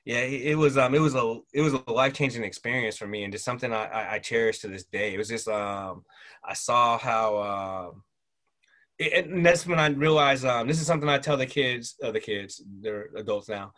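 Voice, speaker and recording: A middle-aged man telling stories from his past in a relaxed, rambling way, full of fillers and restarts. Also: medium pitch, fairly quick. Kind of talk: casual interview storytelling.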